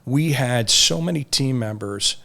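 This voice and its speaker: A man's voice: medium pitch, a little slow, vocal fry. A man, a company chief executive, answering interview questions in an upbeat, assured way. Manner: upbeat, assured, steady explanation. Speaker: company CEO guest.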